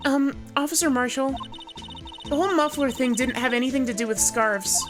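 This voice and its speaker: A woman voicing an earnest young female assistant in a bright questioning tone, over game music. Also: sits high, normal speed, voice pushed up, lightly acted. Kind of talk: voicing a game character on a livestream. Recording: game music playing underneath.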